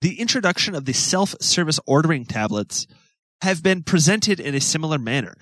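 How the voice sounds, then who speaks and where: A man's voice: fairly high pitch, lively intonation, fairly quick, a bit bright, dry recording. Stiff, formal article-reading man. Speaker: co-host.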